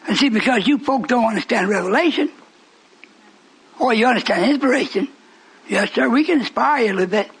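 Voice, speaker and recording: A man preaching a fiery sermon, speaking emphatically and breaking into shouts. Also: extremely high pitch, lively intonation, fairly quick, gravelly, long pauses, low-quality recording.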